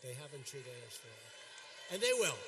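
An older man giving a rally speech, repeating himself and boasting as he shouts out to a crowd. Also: medium pitch, big pitch swings, moderate pace, noisy background. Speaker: politician at a rally. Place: large arena. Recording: long hall reverb from an arena.

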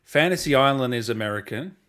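A man hosts a relaxed interview, agreeing often and chatting easily. His voice sits at an ordinary middle pitch. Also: brisk. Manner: easygoing, agreeable, reads viewer questions. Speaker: podcast host. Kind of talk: casual interview.

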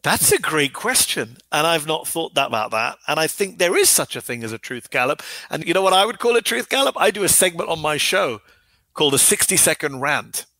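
A man speaking as an author and guest in a podcast interview, talking fast and emphatically with an argumentative drive. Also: a little high, big pitch swings, pushed and bright, no echo.

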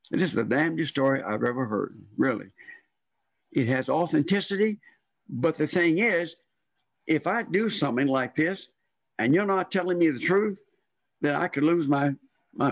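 A man's voice: on the high side, dry recording. An older man telling a long personal story in a rambling way, acting out the voices of the people in it. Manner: rambling, acts out quoted voices. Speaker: storyteller guest. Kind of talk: casual storytelling.

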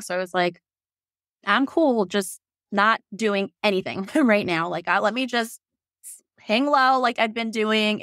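A woman's voice: medium pitch, dry recording, clean studio sound. Chatty woman telling a story animatedly. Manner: animated, quotes herself and others in lively voices, laughs often. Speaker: podcast guest telling her birth story. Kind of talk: casual storytelling.

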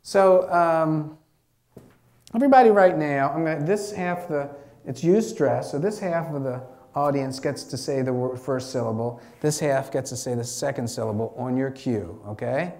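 Male physician, live campus lecture, chatty, animated, talks straight to the audience. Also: on the high side, moderate pace. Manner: animated, chatty, acts out inner thoughts in quotes. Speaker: doctor giving a mindfulness talk. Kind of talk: lively live lecture to students.

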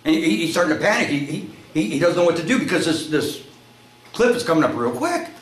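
A male pastor preaching a sermon, telling a story and acting out its voices, climbing to shouts at the high points. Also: lively intonation, fast talker. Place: church sanctuary. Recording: echoey church room, faint noise.

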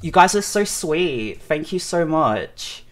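An overwhelmed streamer reacting live, close to tears. The voice sits at a middling pitch and keeps stammering and repeating words. The talk is excitable and full of swearing. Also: slow pace.

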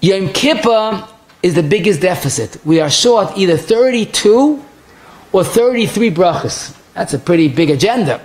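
A rabbi in the middle of a halacha class talks. He moves quickly from one source to the next, stumbling and restarting as he goes. His speech is full of Hebrew and Yiddish terms. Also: high-pitched, expressive, darkish tone. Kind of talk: Torah lecture.

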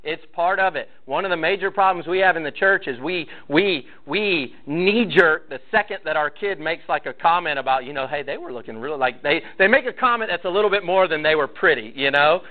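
A man's voice: on the high side, a little fast, hardly any pauses. Man teaching parents, tinny phone-like sound. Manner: conversational, storytelling, acts out quotes. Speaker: church parenting class leader. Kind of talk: casual teaching talk to parents.

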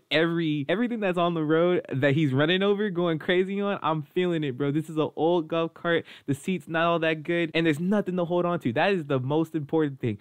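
A man's voice: fairly high pitch, dry recording. Slangy young man telling a story. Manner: animated, slangy, keeps saying bro. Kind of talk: casual storytime.

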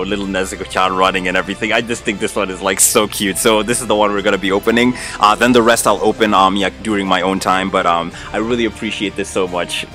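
A man's voice: deep voice, fairly bright tone. A man hosting an unboxing vlog, gushing and effusive, tacking "man" onto his lines. When he gets thrilled he stammers and repeats himself. Faint music plays behind him. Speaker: unboxing channel host.

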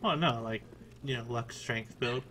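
A man's voice: medium pitch, a little slow, bright, forceful tone, a little hiss or hum. A man playing a co-op game, chatting casually and joking back at his partner. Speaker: co-op gaming partner. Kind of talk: casual co-op gaming chat.

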